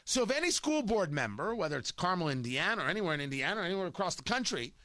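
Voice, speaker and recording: A man hosting an opinion show, talking loud, combative and mocking. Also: high-pitched, very animated, very fast, no echo, studio quality. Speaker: talk radio host. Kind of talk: opinion monologue.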